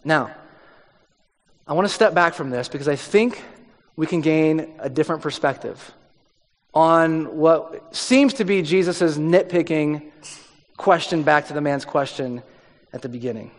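A man preaching a sermon in a conversational way, dropping his voice low for emphasis. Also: measured pace, pauses often. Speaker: pastor. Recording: long hall reverb.

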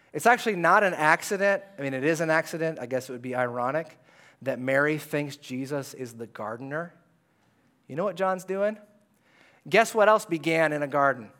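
A male pastor giving a conversational, animated sermon in a church, at times dropping to a hush. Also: fairly high pitch. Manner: conversational and animated, dropping to hushed tones for quoted words. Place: church sanctuary.

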